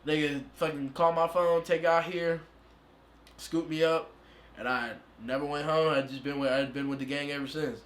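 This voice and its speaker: A man in his twenties telling a story as a podcast guest, profane and animated, jumping into other people's voices. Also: moderate pace, echoey room. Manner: animated, profane, acts out quotes in a higher voice. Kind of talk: casual storytelling interview.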